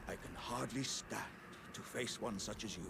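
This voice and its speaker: A man's voice: normal speed, vocal fry, a crowd in the background. An actor playing a humble, hearty male warrior jar in a video game, speaking in a formal, gallant, old-fashioned way. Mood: self-deprecating. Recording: game audio with loud rumbling noise.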